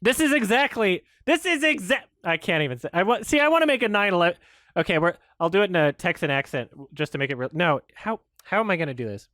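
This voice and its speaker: A frustrated man rants on his commentary show. His voice sits high and leaps all over the place as he swears and vents. The sound is dry, with no room echo. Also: fast talker. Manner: frustrated, swearing, animated ranting. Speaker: YouTube commentator. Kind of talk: ranting commentary.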